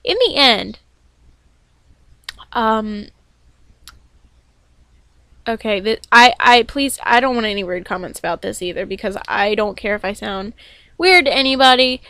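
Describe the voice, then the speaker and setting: A young woman recapping a wrestling show in a casual, excited vlog, rambling and self-deprecating with lots of fillers and restarts. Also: a little high, unhurried, long pauses, no room sound. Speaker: wrestling fan vlogger reviewing a show.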